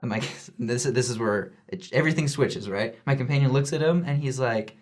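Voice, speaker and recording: A young man spins a story from his past in a casual chat. He is animated and drops into voices for the people he quotes. His pitch sits in an ordinary middle range. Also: a little fast. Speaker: returned missionary.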